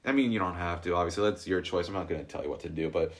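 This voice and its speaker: A man's voice: deep voice, very fast. A young man hosting an unedited podcast, telling long rambling stories in casual chat full of filler words. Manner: rambling, animated storytelling with a lot of filler. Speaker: podcast host.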